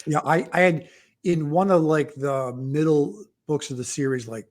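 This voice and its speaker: A man, an author, chatting in an easygoing, halting way on a livestream. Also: a little high. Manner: easygoing, halting, frequent agreeing yeahs. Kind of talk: casual livestream conversation.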